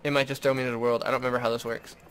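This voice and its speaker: A man's voice: mid-range voice, flat delivery, very fast, a bit bright, smooth. A man doing casual gameplay commentary, rambling, giggling and reacting aloud to what happens in the game. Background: game music and sound.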